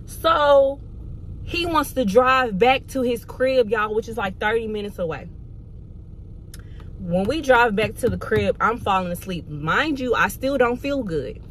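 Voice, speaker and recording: A woman's voice: a little high, lively intonation, unhurried, a bit bright, slight background noise. A young woman from Georgia, telling a candid, profane storytime vlog with exasperated asides. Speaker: vlogger.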